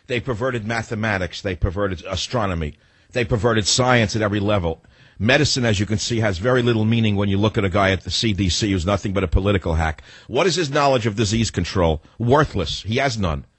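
A low, husky male voice, dry and close to the mic, running a talk radio show. He is in his sixties and rants in a combative, rambling way, drifting off into side stories. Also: brisk, dry recording. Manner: combative, rambling, digressive storytelling. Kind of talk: opinionated talk radio monologue.

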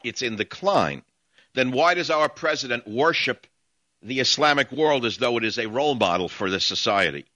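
A man's voice: medium pitch, animated, normal speed, bright, forceful tone, no echo, highs cut off. A man hosting a call-in talk radio show, ranting combatively at his callers in long monologues. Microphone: studio mic.

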